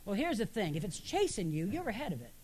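A woman's voice: mid-range voice, sing-song, quick pace, a little mellow, slight background noise. A woman pastor preaching an emphatic sermon in a church, asking her congregation rhetorical questions.

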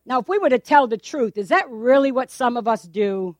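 A woman pastor preaching a sermon in a church, animated and acting out the voices of the people in her story, laughing often. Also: a little high, brisk, dry recording, studio quality.

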